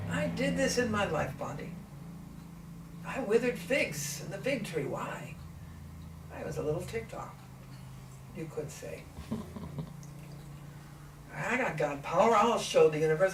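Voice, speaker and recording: A woman channeling a gentle ancient male teacher. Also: lowish voice, natural voice. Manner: slow, deliberate, asks rhetorical questions. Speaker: trance channel. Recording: echoey room, distant mic, faint noise.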